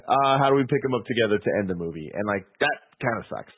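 A man's voice: fairly low pitch, expressive, fast, slightly rough. A man on a podcast challenging his co-hosts, incredulous and pushy about a movie detail. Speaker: podcast co-host. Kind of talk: casual movie discussion. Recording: phone-like narrow audio.

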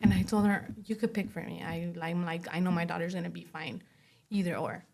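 A young woman speaking as an interview guest, giving a personal testimony in a soft voice full of "you know" and "like". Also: on the low side, steady tone, brisk, creaky. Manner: soft-spoken, many fillers like "you know" and "like".

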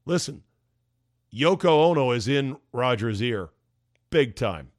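A man hosting a podcast, delivering an emphatic, ranting opinion monologue with sarcastic asides, his voice going hoarse. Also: medium pitch, lively intonation, slow, dry recording, studio quality. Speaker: podcast host.

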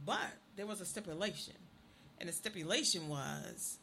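Woman, middle-aged, co-host, lively storyteller, bright tone, faint noise. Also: lowish voice, moderate pace, vocal fry. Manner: animated storyteller, laughs often. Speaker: radio show co-host. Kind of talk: casual chat, storytelling.

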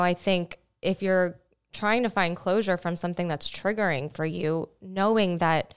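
A woman's voice: lowish voice, clean tone. A young woman co-hosting a podcast, talking in a rambling, reflective way, full of "like" and "you know.". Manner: rambling, reflective, lots of likes and you knows. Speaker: podcast co-host. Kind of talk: casual chat.

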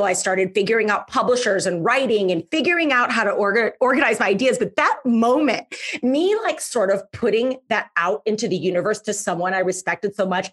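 A woman with a slightly husky, breathy voice hosts her podcast, telling a story in a relaxed monologue. She talks in a chatty way with fillers and punches key words by saying them again. Her pitch sits in the middle range for a woman. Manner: lively, emphatic, repeats words for effect. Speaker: podcast host.

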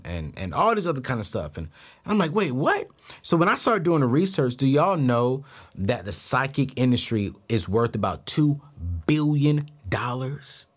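A man hosting a talk show, telling stories casually and acting out the dialogue, with exclamations that leap up in disbelief and a preachy turn toward faith. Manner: animated, acts out dialogue, jumps to high incredulous exclamations. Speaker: show host. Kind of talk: casual storytelling to the camera.

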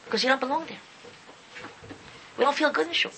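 High, bright-voiced impassioned male preacher. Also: brisk, slight background noise, poor audio. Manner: impassioned, repeats and restarts words. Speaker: Torah speaker. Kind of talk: sermon. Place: lives in Israel.

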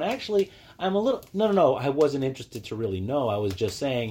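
A man in his forties hosting a casual solo podcast, rambling with restarts and acting out quoted greetings in a higher voice. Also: lively intonation, fairly quick, breathy edge. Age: 40s. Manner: rambling with many restarts and fillers. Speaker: podcast host.

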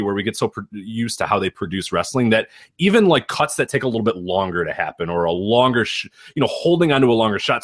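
Fast rambly guy on a podcast, kinda husky, voice swings all over. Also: on the low side, no room sound, studio quality. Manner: rambling, lots of restarts and swearing, animated. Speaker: podcast co-host. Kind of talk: casual podcast chat.

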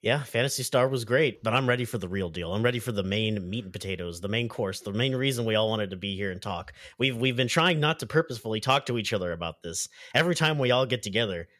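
A man's voice: on the low side, expressive, quick pace, hardly any pauses, fairly bright tone. Playful man, podcast guest. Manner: playful, joking delivery. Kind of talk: casual podcast chat.

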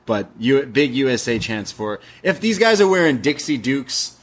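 A man's voice: mid-range voice, big pitch swings, moderate pace. A man co-hosting a podcast, chatting and joking casually about a wrestling show. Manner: jokey, laughing, chatty reactions. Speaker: podcast co-host.

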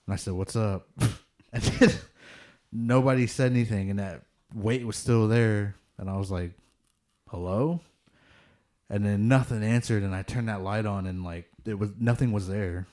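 Relaxed man telling a ghost story. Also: fairly low pitch, moderate pace. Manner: relaxed, rambling with many "like" fillers, laughs at tense moments. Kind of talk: casual storytelling of ghost encounters.

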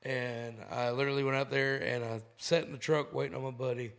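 A man's voice: mid-range voice, flat delivery, a little fast, a bit bright, smooth. A man telling a rambling story in a loose, swearing, laid-back way. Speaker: comedian guest. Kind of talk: casual storytelling.

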